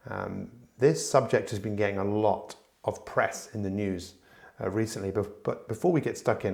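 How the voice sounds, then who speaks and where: Low gravelly man hosting a podcast. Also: moderate pace, darkish tone. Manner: earnest, reflective, talks to the listener directly with frequent restarts. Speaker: podcast host. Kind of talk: solo podcast monologue.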